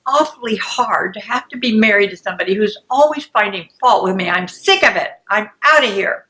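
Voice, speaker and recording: A woman's voice: mid-range voice, animated, fairly quick, bright, forceful tone. A woman acting out a defensive spouse who feels constantly criticized. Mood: fed up. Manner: defensive and wounded.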